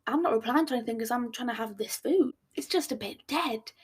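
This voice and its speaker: A young woman hosting a podcast, telling a date storytime in a blunt, animated way with swearing and acted-out dialogue. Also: on the high side, a little fast, slightly rough. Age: young adult. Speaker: podcast host.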